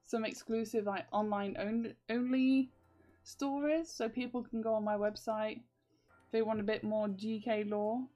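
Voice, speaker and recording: A woman's voice: on the high side, steady tone, measured pace, dark tone. Rambling young woman on a stream. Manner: rambling, full of fillers, laughs often. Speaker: comic artist streaming. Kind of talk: casual livestream chat.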